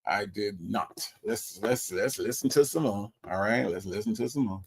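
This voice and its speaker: A man hosting a live show, teasing and animated, repeating words in rapid bursts as he reacts to a call recording. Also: on the low side, slightly rough. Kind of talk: mocking commentary on a call recording.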